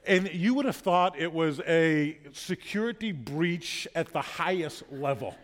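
A male pastor preaching in a church sanctuary, his voice sitting a little higher than most men's. He tells stories earnestly and doubles up words when he pushes a point, with a long hall reverb trailing each phrase. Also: lively intonation, measured pace. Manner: earnest, storytelling, repeats words when emphatic. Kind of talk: sermon.

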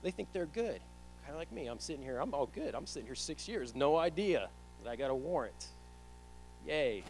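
Animated young man preaching a sermon. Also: a little high, moderate pace, soft background music, low-quality recording. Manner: animated storytelling, acts out his own panic. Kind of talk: sermon with personal story.

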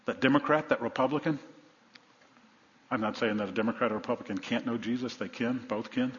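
A man's voice: medium pitch, steady tone, a little fast, slight background noise. Man preaching in a reverberant church hall. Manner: preaching with rhetorical questions, swinging from loud to hushed. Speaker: pastor. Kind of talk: sermon. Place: church sanctuary. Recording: dull lo-fi sound with long hall reverb.

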